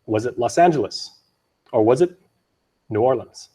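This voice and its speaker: A young man from Guam hosting a news show, quick and joking as he runs a trivia quiz. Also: medium pitch, expressive, mellow, breathy edge. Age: young adult. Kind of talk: lively on-air quiz banter.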